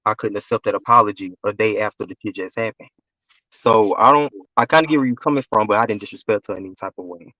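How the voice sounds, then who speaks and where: A man's voice: on the low side, fast talker, bright, forceful tone, no room sound, poor audio. A man talking as a guest on a casual live stream panel, explaining himself defensively.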